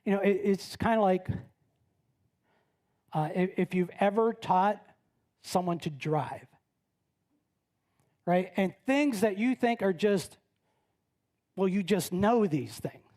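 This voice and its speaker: A woman's voice: slow, pauses often, warm tone. A middle-aged woman pastor delivering a conversational sermon, telling stories with frequent tag questions and acting out the voices of the people in them. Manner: chatty storytelling, frequent "right?" tag questions; acts out quoted voices with big pitch jumps. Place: church sanctuary.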